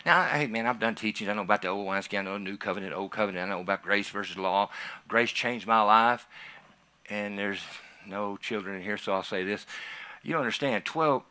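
A man who is a pastor, telling a personal testimony in a sermon, swinging from quiet asides to loud, excited emphasis. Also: lowish voice.

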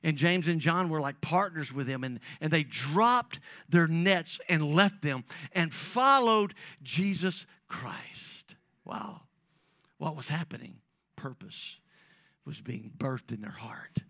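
A man preaching a sermon, calling on the congregation and swinging between loud emphasis and soft, drawn-out phrases. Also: a little high, lively intonation, dry recording. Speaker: pastor.

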